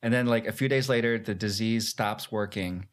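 A man's voice: fairly low pitch, moderate pace. A man co-hosting a casual podcast, joking around and laughing often. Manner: jokey, laughs often, mock quotes. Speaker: podcast co-host. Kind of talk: casual chat.

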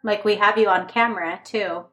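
A woman's voice: mid-range voice, fairly even intonation, moderate pace, a bit bright, soft background music, rough recording. A woman co-hosting a true crime podcast, chatting casually and asking questions as she reacts. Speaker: podcast co-host. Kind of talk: casual chat.

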